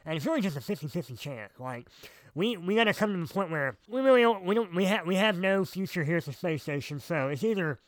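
A man co-hosting a casual podcast chat, relaxed and trailing off with fillers as he thinks. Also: sits high, quick pace, no echo. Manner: laid-back, trails off with fillers. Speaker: podcast co-host.

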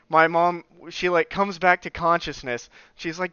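A man's voice: high voice, expressive, a little slow, sharp tone, clear, resonant tone, dry recording. A young man telling a personal story on his podcast, swearing freely and acting out the voices of people he quotes. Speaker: podcast host. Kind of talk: casual storytelling. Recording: slightly dull lo-fi sound.

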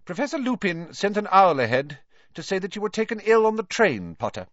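A man voicing a stern, strict older woman teacher in a storybook reading, brisk and commanding. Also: sits high, wildly swooping pitch, a bit bright, dry recording, muffled recording, pitched above the performer's own voice, exaggerated voice.

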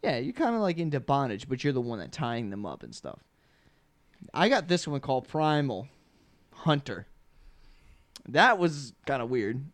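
A man's voice: medium pitch, very animated, moderate pace, long pauses, a bit bright, no room sound. A young man hosting a podcast in casual chat, rambling, laughing often and restarting his sentences. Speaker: podcast host.

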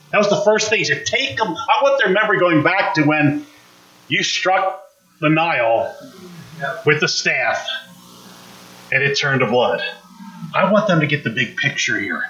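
A male pastor speaks in a slightly high, bright, forceful voice. He preaches in a conversational way, acting out people's lines and putting questions to the congregation. The sound is roomy, with a clear echo off the walls. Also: highs cut off. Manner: conversational, acts out quotes, asks the congregation questions. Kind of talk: sermon.

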